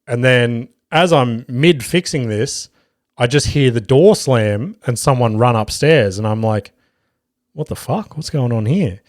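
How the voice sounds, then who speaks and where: A young Australian man hosting a podcast, telling a story in a loose, profane, animated way and acting out the quotes. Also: medium pitch, a little slow, no room sound, studio quality. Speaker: podcast host.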